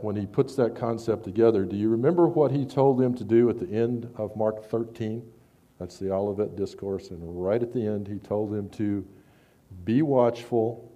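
A man preaching a sermon, conversational with stammered restarts, rising loud when he reads scripture. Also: fairly low pitch.

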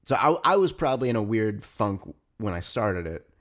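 A man's voice: fairly low pitch, big pitch swings, moderate pace. A man co-hosting a podcast, chatting casually and enthusiastically, swearing freely. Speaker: podcast co-host. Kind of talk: casual chat.

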